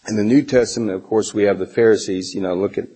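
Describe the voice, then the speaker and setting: Husky, rambling middle-aged man. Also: on the low side, fairly even intonation, fast, dark tone, low-quality recording. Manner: rambling, many fillers and restarts. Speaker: Bible class teacher. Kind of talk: informal Bible lesson with personal stories.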